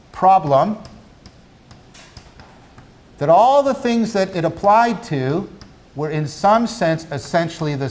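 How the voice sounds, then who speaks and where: A man giving a university lecture, animated, asking his class questions as he talks. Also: a little high. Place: lecture hall.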